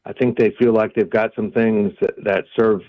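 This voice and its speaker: A male guest reporter with a low voice comes through a muffled, lo-fi line. He answers in a measured way, with frequent pauses and hesitations. The sound is dry. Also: steady tone, no room sound. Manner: measured, many ums and uhs. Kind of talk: radio phone interview.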